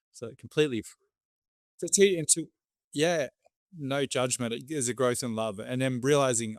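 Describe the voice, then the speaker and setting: A male podcast host with a mid-range voice talks through his own experience in a conversational interview. He is thoughtful and reflective, a bit self-deprecating, and he pauses and restarts as he finds his words. The recording is dry and close-miked. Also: medium pitch, dry recording.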